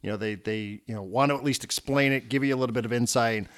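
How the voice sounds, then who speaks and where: A man's voice: medium pitch, quick pace. A sports radio host, a man, telling stories in a casual talk and acting out what others said. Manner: animated storyteller, acts out quotes.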